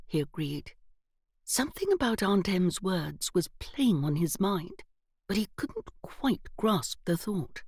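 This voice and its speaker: Woman audiobook narrator, measured, dry studio sound. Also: fairly low pitch, animated, a little mellow, dry recording.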